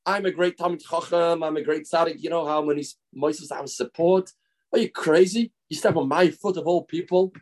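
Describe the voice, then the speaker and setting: A man voicing an arrogant, quick-tempered pious man who indignantly shouts outraged questions. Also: fairly high pitch, fairly even intonation, natural voice.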